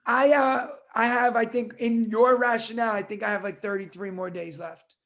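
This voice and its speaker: A man's voice: extremely high pitch, steady tone, moderate pace, fairly bright tone. A man co-hosting a casual podcast over a video call, dry and laid-back. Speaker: podcast co-host.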